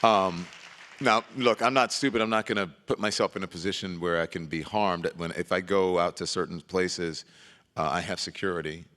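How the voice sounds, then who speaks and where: A man speaking as the guest journalist in a live stage conversation, an animated storyteller who gets loud and laughs as he tells it. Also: low voice, moderate pace, in a large hall. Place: event stage before an audience.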